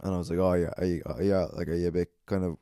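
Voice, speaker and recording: A man's voice: low-pitched, flat delivery, racing, dark tone, clean tone, dry recording, clean studio sound. A man who hosts a podcast and does stand-up, telling a profane, rambling anecdote on his own. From Ireland. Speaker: podcast host and stand-up comedian. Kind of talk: casual solo podcast storytelling.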